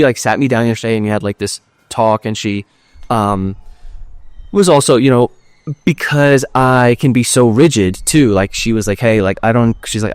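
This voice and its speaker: A man's voice: mid-range voice, no echo. A young man hosting a podcast, telling a personal story in a candid, rambling way, full of "like" and casual swearing. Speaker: podcast host.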